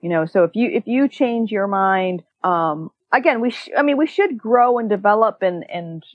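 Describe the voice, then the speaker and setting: A woman talking earnestly as a guest in a conversational interview, animated and often restarting her sentences. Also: mid-range voice, normal speed, dry recording, muffled recording.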